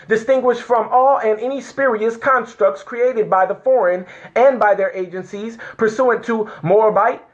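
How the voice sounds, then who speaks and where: A man's voice: extremely high pitch, dull audio. A man, fervently reading a declaration to viewers, tearful and crying out in emotional exclamations. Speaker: speaker reading a legal declaration.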